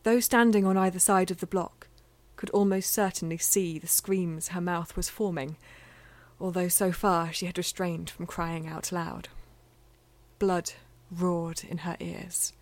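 A woman reading a novel aloud in a measured, intimate way, sometimes dropping to a near-whisper. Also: lowish voice, steady tone, dry recording. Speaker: audiobook narrator. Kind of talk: scripted fiction narration.

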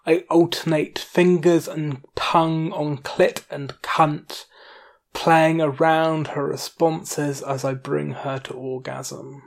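A narrator tells an erotic story in the first person, taking each line very slowly and intimately. The voice has a gravelly, crackly texture, and the telling never rushes. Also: medium pitch, flat delivery.

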